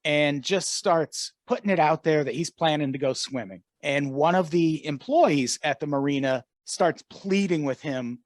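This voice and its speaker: A man's voice: on the high side, a little slow, hardly any pauses, no room sound, studio quality. A man co-hosting a comedy podcast, retelling odd news stories in a casual, laughing way. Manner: storytelling, laughs often. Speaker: podcast co-host.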